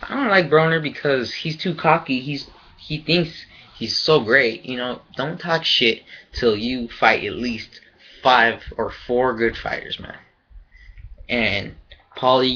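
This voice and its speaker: Bright-voiced man rambling in lo-fi. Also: mid-range voice. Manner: rambling, profane, loose and opinionated. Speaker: boxing vlogger. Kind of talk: casual fight review.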